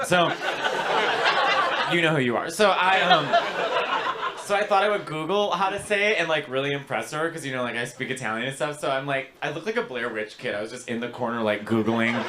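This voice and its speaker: A man doing stand-up crowd work in a comedy club, animated and swearing, slipping into other accents and foreign phrases. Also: fairly high pitch.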